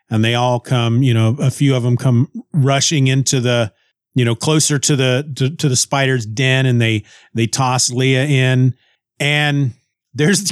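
A man's voice: mid-range voice, no echo, studio quality. A man recapping a comic book in casual, wry talk, often stumbling over and repeating words.

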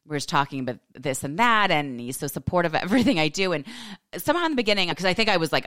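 Low-voiced woman in her 40s doing her podcast, chatty and candid, jumps way up high when she gets excited, dry close sound. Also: rapid-fire, no echo. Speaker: podcast host. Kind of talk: casual chat. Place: home office.

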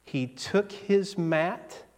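A man preaching a sermon as pastor, slow and deliberate with dramatic pauses. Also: sits high, a little mellow. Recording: long hall reverb.

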